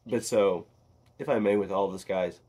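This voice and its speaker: A man records a casual vlog monologue, rambling and swearing freely. His voice sits very low and has a husky, raspy grain. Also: normal speed. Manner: animated, profane, rambling. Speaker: vlogger.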